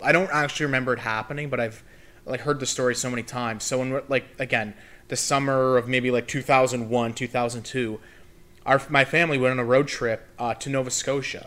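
A young Canadian man on a podcast, telling a story in animated, casual chat and swearing freely. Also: medium pitch. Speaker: podcast co-host.

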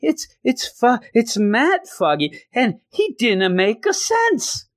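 A man voicing a flustered young woman in a high, exaggerated, quavering voice. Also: sing-song, slow pace, fairly bright tone, no room sound, studio quality, exaggerated voice. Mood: tearful. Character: flustered young woman, girlfriend type, old-fashioned speech.

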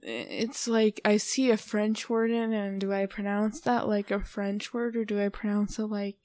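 A young woman co-hosting a podcast, chatting casually and softly with lots of fillers. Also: mid-range voice, moderate pace, no room sound. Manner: rambling, filler-heavy, soft-spoken. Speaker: podcast co-host. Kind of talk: casual chat.

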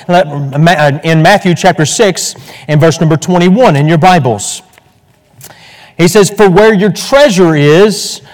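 A male pastor teaching an evening church lesson in a folksy, chatty way, full of fillers and restarts. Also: high-pitched. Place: church hall. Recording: echoey hall.

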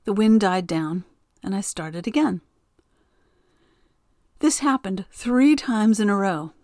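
A woman reads a storybook tale aloud, gentle and expressive in her telling. She takes her time and savors each line, recorded close and dry with no room sound. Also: mid-range voice, slow pace, no room sound. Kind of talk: storybook narration.

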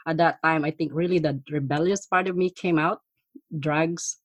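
A middle-aged woman telling stories from her past in a casual chat, animated and laughing often. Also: low voice, normal speed, no echo. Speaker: guest. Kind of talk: casual storytelling.

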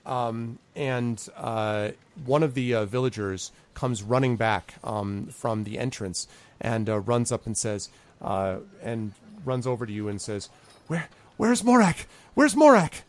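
A man's voice: steady tone, measured pace. A man narrating a tabletop role-playing game as game master, with many ums and asides. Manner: rambling, lots of ums, pitches up for quoted characters.

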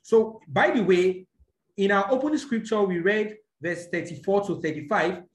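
In an echoey room, a preacher at a moderate pace and mid pitch walks through scripture point by point in a teaching sermon. He keeps checking in with "all right?" and corrects his own small slips as he explains.

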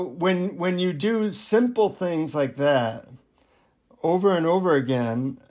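A male author on an interview show, talking in a relaxed, anecdotal way. He pokes gentle fun at himself as he goes, and his voice sits somewhat high for a man. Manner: relaxed, self-deprecating, anecdotal. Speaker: author and guest. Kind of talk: interview storytelling.

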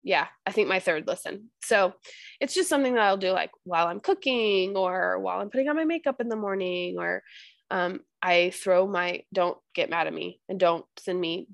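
A woman's voice: on the low side, moderate pace, creaky, dry recording. A young woman hosting a podcast, chatting casually and telling stories with frequent restarts. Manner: chatty, storytelling, many restarts. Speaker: podcast host.

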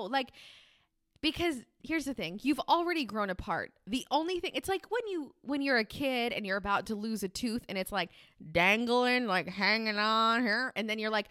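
A woman's voice: a little high, expressive, normal speed, fairly bright tone, dry recording, clean studio sound. A young woman hosting a podcast, giving casual, candid advice and swearing freely. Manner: candid, swears casually, acts out sample dialogue. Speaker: podcast host.

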